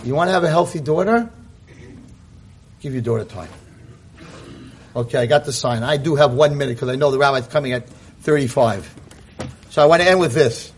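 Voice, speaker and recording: A man giving an animated, fast-paced motivational talk to a convention audience, telling a parable. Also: mid-range voice, a little hiss or hum. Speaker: lecturer. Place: convention room.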